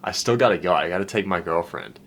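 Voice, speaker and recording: Deep-voiced and quick, with a fairly bright tone, a man who coaches people on dating rambles through a loose, profane monologue. "Dude" and "man" pop up every other line. Memories of his loneliness make him emotional and heartfelt.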